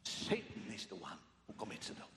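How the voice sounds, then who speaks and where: A man preaching a sermon, emphatic and repetitive, dropping to a hush and then rising loud. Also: quick pace, background noise. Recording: echoey hall with long reverb.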